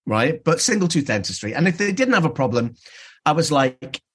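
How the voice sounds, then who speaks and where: A dentist being interviewed on a podcast, telling stories in an animated way and acting out dialogue. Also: male voice, fairly high pitch, a little fast, slightly rough.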